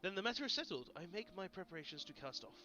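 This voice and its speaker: A man voicing a gruff older male pirate captain, reading slowly and gravely, on dull lo-fi stream audio with faint game music. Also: high-pitched, big pitch swings.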